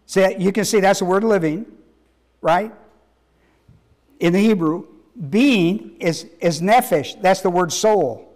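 In his sermon teaching, a pastor with a high-pitched, somewhat dark-toned voice hammers home points through repetition and questions to the congregation. He speaks haltingly, restarting often.

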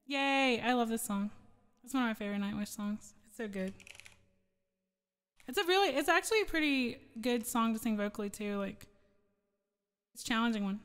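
A woman streamer chats casually with her viewers in a fairly high voice, rambling and giggling as she forgets what she meant to say. Her voice carries a long reverb tail, as if it were sent through an effect at home. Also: moderate pace, pauses often, fairly bright tone, clean tone. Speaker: streamer and singer. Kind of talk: casual chat with live chat.

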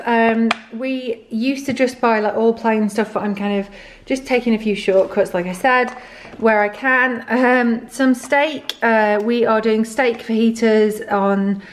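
A woman chats through her shopping in a relaxed, rambling way, full of ums and restarts. Her voice sits slightly high and she sounds a little short of breath. A faint background hiss runs under the recording. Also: a little slow. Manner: chatty, rambling with fillers and restarts. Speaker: vlogger. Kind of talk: casual grocery haul chat.

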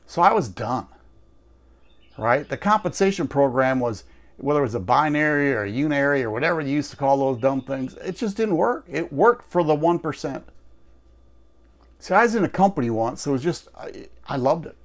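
A man with a slightly high voice gives a direct-to-camera sales pitch for a network marketing business. He talks chattily and tells stories with emphatic asides, like a promoter talking straight to his viewers. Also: lively intonation, normal speed.

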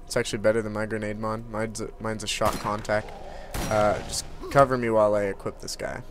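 A man's voice: lowish voice, little pitch movement, brisk, slight background noise. A man chatting easily while playing a co-op video game, with frequent uh's and hedges. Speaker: gameplay co-commentator. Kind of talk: casual co-op game commentary.

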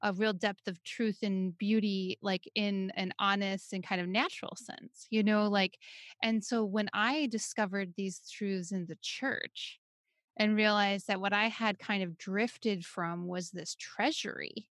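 A religious sister co-hosting a podcast, chatting with lots of fillers and frequent laughter. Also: female voice, mid-range voice, a little slow, no echo, clean studio sound. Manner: animated, laughs often, many fillers. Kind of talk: casual chat.

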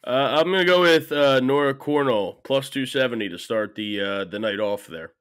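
A man's voice: mid-range voice, moderate pace, fairly bright tone, clear, resonant tone. A man co-hosting a casual sports podcast, laid-back as he reasons through betting lines. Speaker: podcast co-host.

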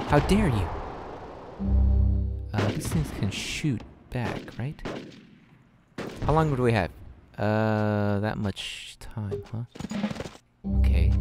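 A young man giving casual let's-play commentary on a strategy game, flustered and self-mocking, thinking out loud with many fillers. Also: fairly low pitch. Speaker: gaming channel host.

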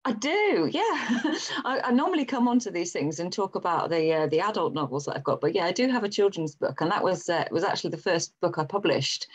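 A British woman author being interviewed over a video call, expressive and laughing often. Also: fairly low pitch, brisk, few pauses, slightly rough. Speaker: author guest.

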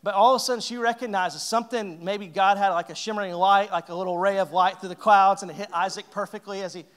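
A man with a fairly high voice preaches in an easy, conversational way. He jokes with the congregation and acts out the lines he quotes. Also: fairly even intonation, fast talker, fairly bright tone. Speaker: pastor. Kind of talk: sermon. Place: church sanctuary.

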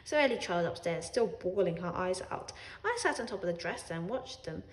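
A woman's voice: on the low side, a little fast. Woman reading a wry cat's story. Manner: wry, sardonic, expressive, laughs along. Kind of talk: children's read-aloud as a sarcastic cat narrator. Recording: roomy echo.

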